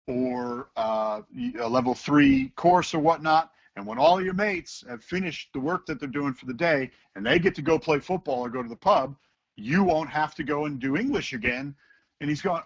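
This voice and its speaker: Male teacher as guest, animated raconteur, slightly high and gravelly, dull call sound. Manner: animated storyteller who acts out voices. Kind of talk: casual interview talk.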